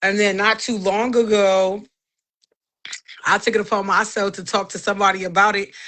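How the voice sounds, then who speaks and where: A woman in her thirties shares a personal faith testimony in relaxed podcast conversation. Her voice is bright and forward, and she tells the story with animation, slipping into the voices of the people she quotes. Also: mid-range voice, normal speed, a little hiss or hum. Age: 30s.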